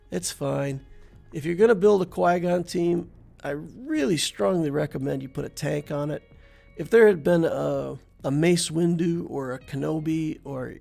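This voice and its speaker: Gravelly-voiced man commentating a game. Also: a little high. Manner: thinks aloud while playing, relaxed and chatty, talks to the viewer. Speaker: game channel host. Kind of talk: casual gameplay commentary.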